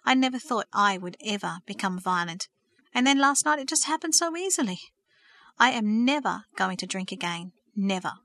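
A woman's voice: medium pitch, expressive, normal speed, a bit bright, dry recording. A woman reading aloud and voicing a remorseful young man who speaks shakily, sadly and earnestly. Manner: shaky, sad, earnest.

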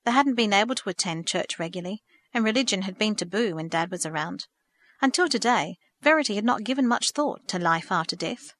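A woman narrating a storybook in a steady, measured reading. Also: medium pitch, no echo.

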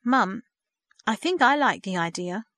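A woman's voice: medium pitch, animated, measured pace, no echo, studio quality. A woman voicing a thoughtful teenage girl in a storybook reading. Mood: hesitant. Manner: gentle, hesitant.

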